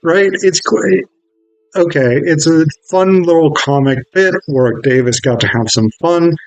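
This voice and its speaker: A man's voice: fairly high pitch, unhurried, no room sound, low-quality recording. A man reviewing a film in a casual, wry video essay, swearing freely as he talks.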